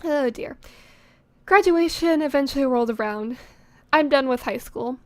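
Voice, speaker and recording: A teenage girl vlogger reading her old writing aloud in a casual, self-mocking way, breaking off into giggles and quiet muttered asides, recorded close on a studio condenser microphone at home. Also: high-pitched, normal speed, no echo.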